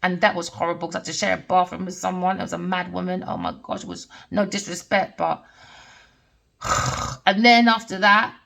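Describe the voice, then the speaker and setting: A woman's voice: fairly low pitch, expressive, normal speed, creaky, fairly bright tone. A middle-aged woman, a tarot reader delivering a heated, blunt personal rant with swearing. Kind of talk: ranting personal monologue.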